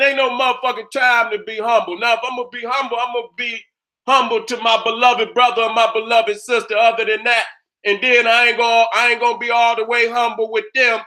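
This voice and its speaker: Fired-up bright-voiced man ranting. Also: extremely high pitch. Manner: boastful, combative, repeats his phrases, asks "you understand". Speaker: host of his own channel. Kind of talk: fired-up profane monologue.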